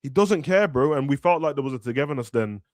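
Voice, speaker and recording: A young man talks football on a live podcast, slangy and animated, acting out players in raised voices. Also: mid-range voice, fast, no echo, studio quality. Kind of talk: casual football chat.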